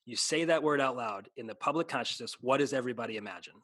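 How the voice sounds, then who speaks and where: A man's voice: mid-range voice, fast, a bit bright, no room sound. Man, pastor, earnest, preachy, stops and restarts often. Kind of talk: casual chat.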